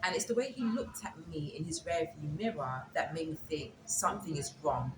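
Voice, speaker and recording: Low-voiced woman recounting a story. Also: lively intonation, normal speed. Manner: retells events with quoted dialogue. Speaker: interview guest. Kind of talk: casual storytelling. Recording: echoey room with background noise.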